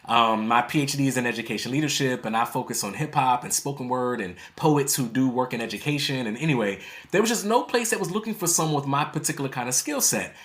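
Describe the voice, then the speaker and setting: A man in his thirties tells his story as a podcast guest, his voice sitting at a middle pitch. He is animated and often laughs. He slips into other people's voices when he quotes them. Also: quick pace. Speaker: poet and author guest.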